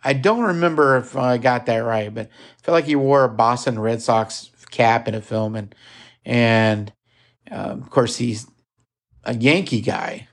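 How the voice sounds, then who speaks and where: A man's voice: mid-range voice, measured pace. Rambling Midwestern American man. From Midwestern United States. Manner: rambling and digressive, with many fillers and restarts. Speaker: podcast host. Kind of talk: casual podcast chat about a film.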